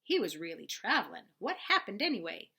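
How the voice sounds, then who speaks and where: An easygoing farmer father in a storybook, read by a woman. He talks calmly and plainly, in a bright voice with a lively lilt. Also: mid-range voice, brisk, breathy edge, exaggerated voice.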